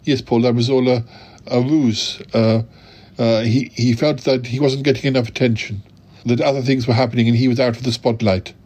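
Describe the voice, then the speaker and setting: A man's voice: mid-range voice, steady tone, moderate pace, a little mellow, husky, lightly acted. Man doing a fretful, timid sidekick. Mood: nervous. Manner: hesitant, full of "oh dear" and "um".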